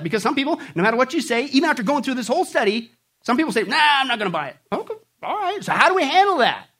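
A man preaching a sermon, animated and playful, acting out jokes and mocking voices and calling on the congregation to answer back. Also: very high voice. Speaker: pastor.

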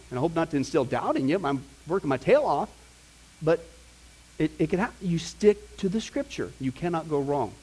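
A middle-aged man preaching and teaching in a conversational, animated way, with asides to the congregation. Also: on the high side. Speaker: pastor teaching a Bible class. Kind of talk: sermon.

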